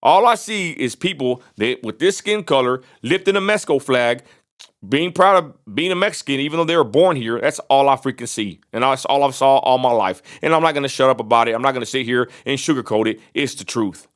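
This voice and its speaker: A man's voice: mid-range voice, fairly quick. A man from Texas, ranting bluntly in a vlog and repeating himself for emphasis. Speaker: vlogger.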